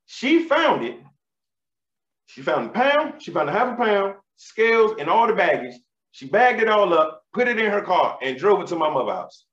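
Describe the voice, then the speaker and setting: A man in his thirties doing stand-up comedy, telling animated, profane stories in street slang. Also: high-pitched, normal speed. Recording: roomy, slightly dull live recording.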